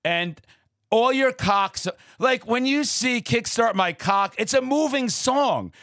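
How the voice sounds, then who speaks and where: A man hosting a podcast interview, talking in a loud, profane, fired-up way with shouted bursts. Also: extremely high pitch, expressive, slow pace, no echo, clean studio sound. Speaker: podcast host. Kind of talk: casual interview chat.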